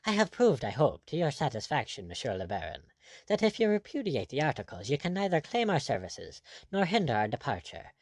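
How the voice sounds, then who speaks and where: A man's voice: mid-range voice, wildly swooping pitch, a little fast, darkish tone, dry recording. A man reading the part of a cool, insolent buccaneer captain with an ironic manner.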